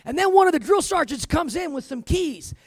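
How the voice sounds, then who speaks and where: A man's voice: extremely high pitch, expressive, fairly quick, no echo. A man preaching a sermon, telling his own story with emphasis and dropping in "amen" and "man" as he goes. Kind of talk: sermon with personal testimony.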